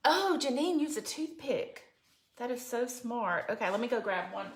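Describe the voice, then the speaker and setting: A woman's voice: fairly high pitch, lively intonation, normal speed. Chatty woman crafting live. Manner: chatty, talks to viewers by name, gets teary. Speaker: craft livestream host. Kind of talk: casual livestream crafting chat. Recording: echoey room with faint background noise.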